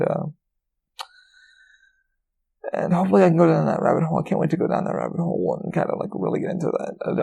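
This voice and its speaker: A man's voice: medium pitch, vocal fry, dark tone. A man hosting a casual solo podcast, rambling and swearing freely with many fillers and restarts, recorded with a dull lo-fi sound. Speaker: podcast host.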